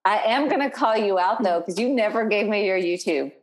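A woman's voice: mid-range voice, expressive, fairly quick. A woman hosting a podcast interview. She chats casually and supportively, with many fillers. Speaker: podcast host.

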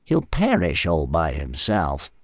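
A man playing a slow old ape man. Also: rumbling low, wildly swooping pitch, dry recording, clean studio sound, exaggerated voice. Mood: doubtful. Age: older. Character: doubtful, wistful old male ape man.

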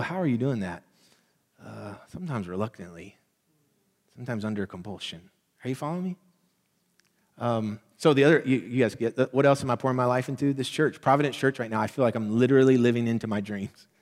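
In a church sanctuary, a middle-aged pastor of medium pitch preaches a sermon, conversational and animated, checking in with the congregation as he goes. Long hall reverb trails his words.

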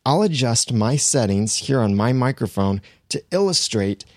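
A man explaining podcast recording in a relaxed, conversational teaching manner, close to a studio microphone. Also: medium pitch, normal speed, dry recording. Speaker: podcasting instructor. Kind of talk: instructional explainer. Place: small home studio room.

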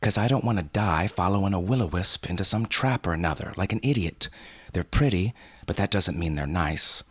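A man voicing a stubborn, teasing seventeen-year-old girl from the bayou, brisk and sassy. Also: low-pitched, animated, fairly bright tone, husky, dry recording, pitched above the performer's own voice, heavily acted. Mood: firm.

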